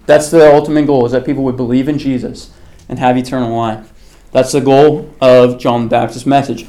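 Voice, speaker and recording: A man's voice: mid-range voice, steady tone, a little fast, mellow. Man teaching a casual Bible class. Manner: conversational, asks the class questions and answers them; frequent fillers like "okay" and "like".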